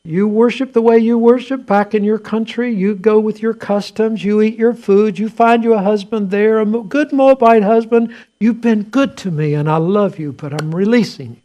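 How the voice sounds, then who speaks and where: A man's voice: fairly high pitch, normal speed, warm tone. A man voicing a grieving old widow, raised and pleading. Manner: pleading, earnest storytelling. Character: grieving older widow, firm and loving.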